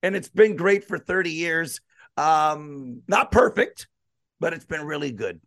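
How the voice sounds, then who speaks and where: A man's voice: a little high, animated, a little slow, gravelly, fairly bright tone. A man co-hosting a casual hockey podcast, opinionated and arguing his point with rhetorical questions. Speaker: podcast co-host.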